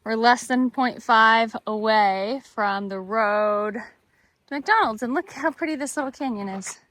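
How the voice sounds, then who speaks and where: Her voice is fairly high and a bit bright, her pace measured. This thru-hiker vlogger walks a desert mountain trail with a handheld camera, giving chatty, casual narration and frequently exclaiming over the scenery.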